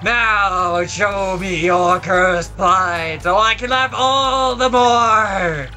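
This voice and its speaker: A gamer voicing a boastful cursed treasure chest that pleads to be let out, then gloats with theatrical shouts, while reading game dialogue. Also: medium pitch, drawn-out words, soft background music. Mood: gloating. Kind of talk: let's play dialogue reading.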